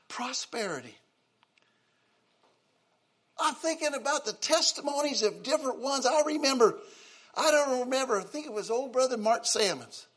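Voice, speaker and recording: An older man preaching a sermon, emotional, swinging from loud exclaiming to soft, quiet lines. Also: very high voice, lively intonation, normal speed, long pauses, husky. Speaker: pastor.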